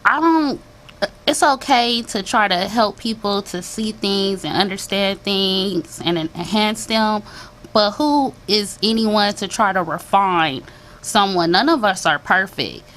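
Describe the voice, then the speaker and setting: Slow, measured woman on talk radio. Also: medium pitch, a bit bright. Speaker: radio show co-host. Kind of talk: casual talk radio discussion. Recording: faint background noise.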